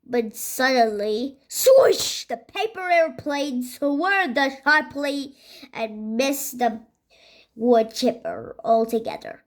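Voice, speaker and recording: High-voiced woman reading a children's book. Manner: halting, with slips and restarts. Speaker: reader.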